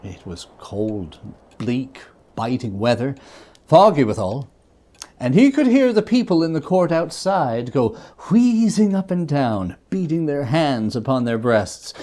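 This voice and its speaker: A man giving a dramatic reading of a classic novel, telling it with an expressive, varied storytelling delivery. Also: medium pitch, a little slow. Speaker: reader.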